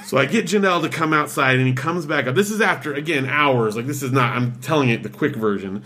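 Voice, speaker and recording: A man's voice: medium pitch, bright, forceful tone, slight background noise. A man in casual chat, animatedly retelling a story and acting out the voices of the people in it, with lots of "like" fillers. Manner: fast, filler-heavy with "like".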